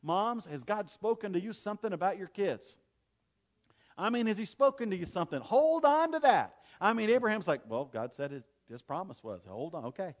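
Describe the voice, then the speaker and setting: A man preaching a sermon, telling stories with emphatic repetition and dropping from loud preaching to quiet asides. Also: high voice, lively intonation, a little fast, lo-fi sound. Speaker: pastor.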